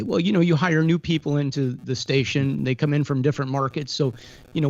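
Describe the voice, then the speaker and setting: A man's voice: fairly high pitch, a little fast, dry recording. A man from the Chicago area co-hosting a DJ livestream, chatty and jokey, heard through a video call. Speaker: co-host of a DJ livestream. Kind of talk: casual chat. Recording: slightly dull, lo-fi call audio.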